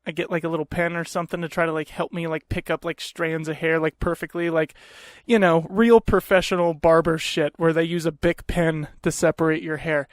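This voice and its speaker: A young man hosting a casual podcast, telling stories in an animated, profane and self-mocking way into a close mic. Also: fairly high pitch, a little fast, no echo. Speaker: podcast host. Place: small room at home.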